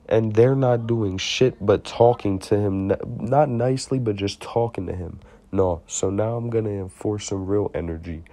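A young man tells a personal story straight to his listeners in a casual storytime monologue. His voice sits low and dark, with a relaxed, mellow tone. The room sounds dry and close, and he gets heated when he acts out the shouting. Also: dry recording. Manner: slangy, heated retelling with acted-out shouted quotes.

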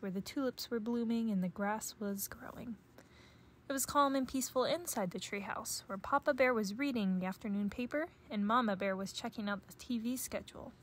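Lady reading a kids' picture book, gentle, measured, kinda high voice. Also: slight background noise. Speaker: storybook reader. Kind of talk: children's read-aloud narration.

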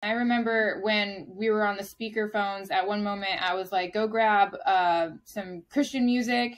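A woman in a casual interview, asking direct questions and briskly recounting what happened. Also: mid-range voice, steady tone. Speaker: guest.

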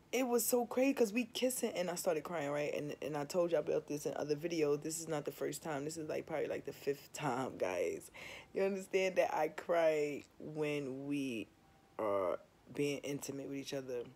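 A woman's voice: sits low, moderate pace, a little mellow. Candid, swearing young woman vlogger. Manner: candid, emphatic, swears freely, keeps asking "you understand?". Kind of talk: casual confessional chat to viewers.

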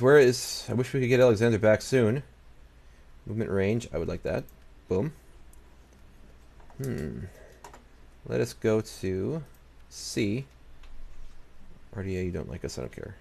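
A gaming channel host with a lowish, creaky voice gives casual let's-play commentary while he plays. He mutters to himself, talks back to the game's nations, and swears now and then.

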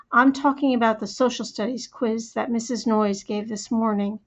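A woman voicing a stern middle-aged mother who speaks in low, curt, measured commands. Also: close to an everyday voice. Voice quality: low, firm danger tone. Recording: slightly muffled recording.

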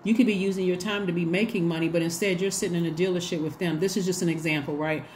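Chatty woman reading tarot, lowish voice. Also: fairly even intonation, fast, darkish tone, a little hiss or hum. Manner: chatty, repetitive, acts out quoted dialogue. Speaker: tarot reader. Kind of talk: casual tarot reading to viewers.

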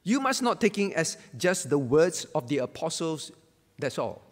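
A man's voice: on the high side, very animated, moderate pace, long reverb tail. A man pastor giving a Bible lesson sermon, emphatic and repeating key phrases to drive them home.

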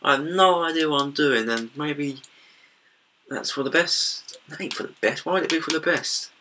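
A young British man gives rambling, self-deprecating commentary over a video game, with a bright, forceful tone. He sounds a little distant from the mic, with a faint hiss of noise in the background. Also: on the high side, moderate pace. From Britain. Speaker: gaming YouTuber. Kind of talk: casual gameplay commentary.

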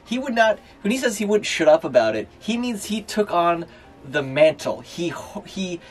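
A man from Minnesota, co-hosting a casual book podcast, animated and joking and swearing freely. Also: high-pitched, normal speed, faint music behind. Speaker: podcast co-host, bookseller. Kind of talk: casual chat.

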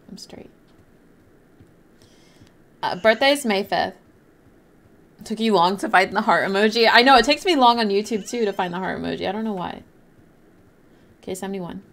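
A woman's voice: mid-range voice, expressive, moderate pace, gravelly, pauses often, fairly bright tone. A young woman livestreaming a game, chatting casually and apologetically while reading and thanking her chat. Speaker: livestreaming gamer.

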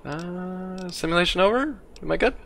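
A man's voice: high voice, expressive, normal speed, vocal fry, a bit bright. Wry young man narrating gameplay over gunfire. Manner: wry, rambling, puts on silly voices for enemies. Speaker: gameplay commentator. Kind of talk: casual let's play commentary. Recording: game audio noise behind voice. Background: gunfire and game sounds.

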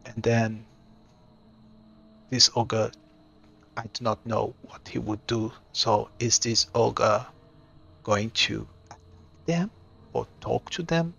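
Male solo game master, hesitant, bright and gravelly voice. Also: mid-range voice, fairly even intonation, takes it slowly, long pauses, lo-fi sound. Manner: thinks aloud, hesitant. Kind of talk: solo tabletop narration.

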